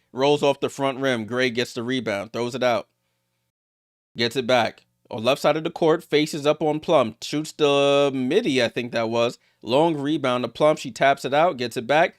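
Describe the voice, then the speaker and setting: A man giving live play-by-play of a basketball game as a streamer, getting louder on big plays and greeting viewers in the chat. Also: normal speed, no echo, clean studio sound. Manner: rises sharply in pitch and volume on big plays.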